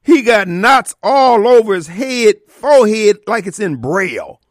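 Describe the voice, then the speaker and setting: A man hosting a radio show, telling a comic story with an animated, exaggerated delivery and sudden outbursts. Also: high voice, unhurried, no echo, studio quality. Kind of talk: comedic storytelling.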